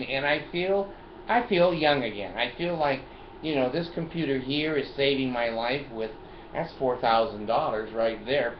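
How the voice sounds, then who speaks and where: Older male vlogger in his car, jokey, talkative, salty language; roomy, muffled recording. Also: mid-range voice. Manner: chatty, laughs often, jokey and profane. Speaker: video host. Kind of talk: casual vlog, showing his phone and car gadgets. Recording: roomy, dull lo-fi sound, faint noise.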